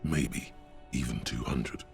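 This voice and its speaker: A man voicing a dry, calm inner-voice narrator in a game, speaking in a measured, gravelly way. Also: soft background music, exaggerated voice. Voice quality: deep and gravelly.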